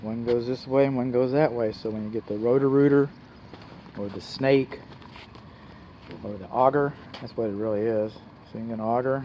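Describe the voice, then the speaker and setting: A man's voice: medium pitch, muffled recording, slight background noise. A man with a Texan accent working as a home inspector, explaining things plainly as he walks around a house outdoors. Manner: folksy, explains plainly while walking. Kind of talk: casual walkthrough narration.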